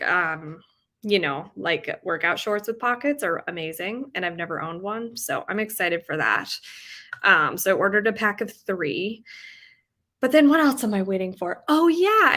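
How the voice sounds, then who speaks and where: A woman's voice: mid-range voice, sharp tone. A woman hosting a live reading stream, chatting casually with her viewers in a bubbly way, full of "like" and "um". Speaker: book-reading livestream host.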